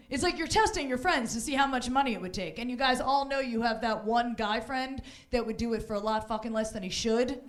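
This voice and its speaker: This woman's voice is a little high, and she talks quickly with few pauses. She's doing a brash, bawdy stand-up set on a club stage, often slipping into mocking voices for the people she quotes, and the club room is echoey.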